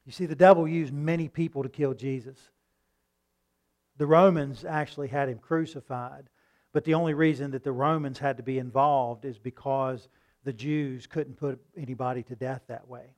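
A man preaching a sermon in a conversational tone, asking rhetorical questions and reading scripture slowly. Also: mid-range voice, fairly even intonation, darkish tone.

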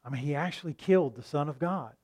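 A man preaching a sermon in a conversational tone, asking rhetorical questions and reading scripture slowly. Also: a little high, darkish tone, husky.

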